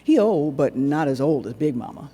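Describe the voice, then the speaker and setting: A man performs a dramatic monologue on a stage, telling the story with lively, swooping rises and falls. His voice is dark and husky, and the long reverb of a large hall trails behind it. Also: a little high, normal speed. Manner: animated dialect storytelling. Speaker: solo performer. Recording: echoey hall recording.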